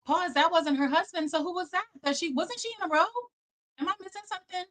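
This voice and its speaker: A woman's voice: very high voice, quick pace, fairly bright tone. A woman in her thirties doing casual commentary, brash, profane and emphatic.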